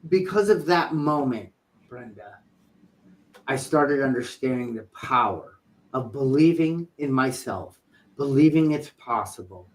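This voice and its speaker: A middle-aged man co-hosting a talk show, telling a story in a playful, animated way and acting out what people said. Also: mid-range voice, a little slow, low-quality recording. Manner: animated, playful storyteller who acts out quotes. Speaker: podcast co-host. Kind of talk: casual storytelling chat.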